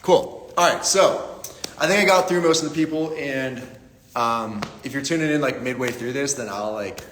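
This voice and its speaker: A man's voice: mid-range voice, moderate pace, fairly bright tone, slight background noise. A young man from Pittsburgh hosting a casual live-stream Q&A, upbeat and greeting viewers by name. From Pittsburgh, USA. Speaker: livestream Q&A host. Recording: echoey room with long reverb.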